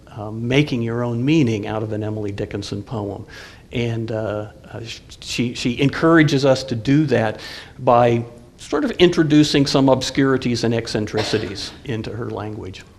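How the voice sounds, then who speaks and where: A man, a college professor, lecturing a live audience in a friendly, halting way with frequent fillers and restarts. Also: medium pitch.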